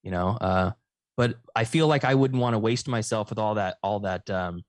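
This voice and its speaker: A man's voice: on the low side, moderate pace, dry recording. A man hosting a podcast in casual chat, rambling and laughing often. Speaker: podcast host.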